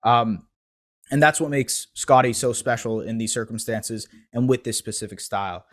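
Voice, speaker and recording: Male sports host, solo recap, casual and analytical, average pitch. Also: a bit bright. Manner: fast-talking, analytical, loose and casual. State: eating pizza while talking. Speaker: basketball podcast host. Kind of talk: solo game recap commentary.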